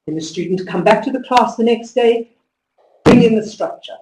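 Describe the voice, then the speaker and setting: A woman giving a conference talk to teachers, telling stories with lively emphasis and driving home instructions. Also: on the high side, normal speed. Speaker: conference speaker. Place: conference hall. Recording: echoey hall, distant mic.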